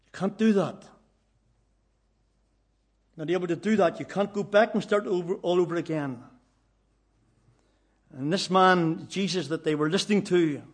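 High-voiced preacher, repeating for emphasis. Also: male voice. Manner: earnest storytelling, repeats phrases for emphasis. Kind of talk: sermon.

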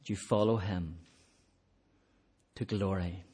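A man preaching an evangelistic sermon, earnest, swelling to emphatic peaks and then dropping to soft, quiet appeals, closing in prayer. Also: deep voice, fairly even intonation, slow pace, husky.

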